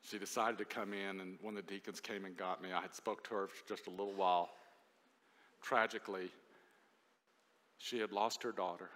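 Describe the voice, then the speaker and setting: Bright-voiced male pastor preaching in a hall. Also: sits low, normal speed, long pauses. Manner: animated storytelling, swinging between loud and hushed. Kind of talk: sermon. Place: church sanctuary. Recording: long reverb of a large hall.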